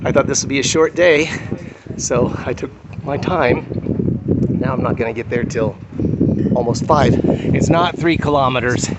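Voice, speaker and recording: A man's voice: medium pitch, normal speed, pauses often, heavy background noise. A man vlogging on a phone as he walks a rural trail outdoors, frustrated, sarcastic and swearing often. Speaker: vlogger walking a pilgrimage trail. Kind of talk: vlog narration and walking selfie talk. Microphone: handheld phone.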